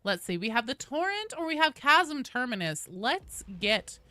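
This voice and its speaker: A chatty, excitable woman streaming a game and greeting her viewers one by one. Her fairly high, bright voice leaps up and down constantly, and the recording is close and dry. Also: moderate pace, dry recording. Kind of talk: casual live-stream chat.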